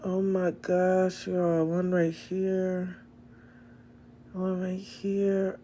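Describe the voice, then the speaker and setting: A woman's voice: lowish voice, monotone, very slow, warm tone, slight background noise. A young woman hosting a casual livestream on her phone, talking bluntly to her viewers with plenty of swearing and exasperation. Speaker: livestream host. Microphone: phone camera.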